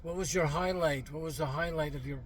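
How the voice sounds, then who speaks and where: A man playing interviewer in a comedy sketch, stumbling over his questions and restarting them. His voice sits a little high. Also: brisk, a loud crowd. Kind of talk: comic interview.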